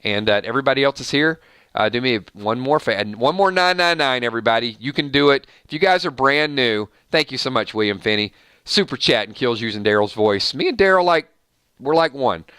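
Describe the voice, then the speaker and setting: A man's voice: medium pitch, brisk, sharp tone, clean tone, dry recording, clean studio sound. A man hosting a casual live stream, rattling off long lists of viewer names and thanking each one.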